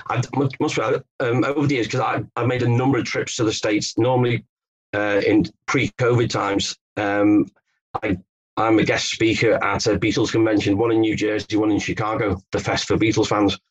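A man's voice: on the low side, little pitch movement, moderate pace, slightly rough, muffled recording. A man from England, a guest author telling stories in an interview, hesitant with many restarts. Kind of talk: conversational interview.

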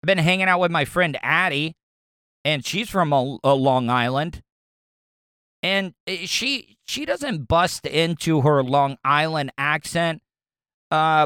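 Southern-accented man, higher voice. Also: unhurried, sharp tone, smooth, no echo, clean studio sound. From American South. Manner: rambling, conversational, repeats words. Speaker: podcast host. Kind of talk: casual solo podcast talk.

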